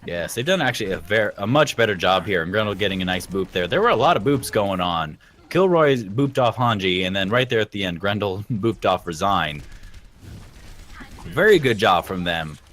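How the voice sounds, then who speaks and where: A man giving relaxed, chatty color commentary during a live esports match. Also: lowish voice, normal speed.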